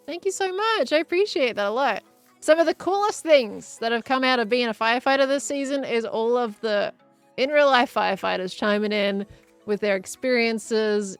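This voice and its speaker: A woman with an Australian accent chats casually on a live stream while she builds, reading out chat messages and reacting to and answering viewers. Her voice sits on the high side and is gravelly.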